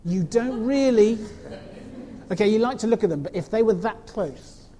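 A woman telling a story to children in an animated way, asking them questions as she goes. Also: mid-range voice, normal speed, big-room sound. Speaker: children's talk leader.

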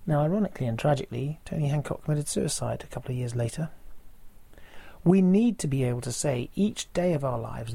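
A man, preaching a sermon in a measured way and posing rhetorical questions to the listeners. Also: medium pitch, animated, gravelly, mellow, husky, no room sound. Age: 40s.

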